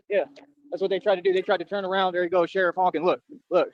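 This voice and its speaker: Boastful fast-talking man, high voice. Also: fairly even intonation, no echo, highs cut off. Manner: boastful, repetitive, earnest. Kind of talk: rambling street monologue.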